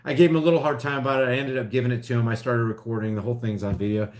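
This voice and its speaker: A middle-aged man talks casually to his livestream viewers in a medium-pitched voice. He rambles, restarts his sentences and reacts to chat, his level rising and dropping as he goes. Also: steady tone, racing. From Oklahoma. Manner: rambling, restarts, swings loud and quiet. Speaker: vlogger reading live chat.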